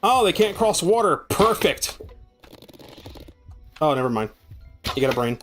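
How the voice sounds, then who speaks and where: A man streaming a game live, swearing often and shouting at monsters, with dry joking asides in between. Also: a little high, sing-song, a little slow, soft background music. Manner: exasperated, swears a lot, yells at game monsters. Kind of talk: live gameplay commentary.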